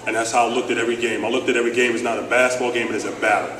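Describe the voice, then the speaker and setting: A man from Philadelphia giving an animated, joking ceremony speech about his playing days. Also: mid-range voice, rapid-fire, a little hiss or hum. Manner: animated, joking storyteller with restarts. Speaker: former player giving induction speech. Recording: echoey hall, speaker far from mic.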